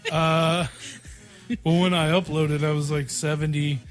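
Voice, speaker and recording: A man's voice: on the high side, flat delivery, unhurried, over music. Laughing, joking male podcast host. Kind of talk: casual chat.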